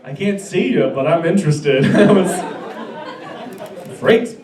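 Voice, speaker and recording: On a club stage, a young man in his twenties does a stand-up set, rambling and self-deprecating, stammering and restarting. His voice is on the high side with lively intonation, unhurried. The roomy club audio is captured from far off, with the crowd laughing.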